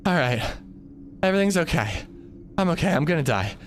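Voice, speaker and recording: Male streamer, anxious and jittery, pitch leaping all over, faint noise behind. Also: big pitch swings, fairly quick. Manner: anxious, jittery, talking himself through it. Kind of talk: live gameplay commentary.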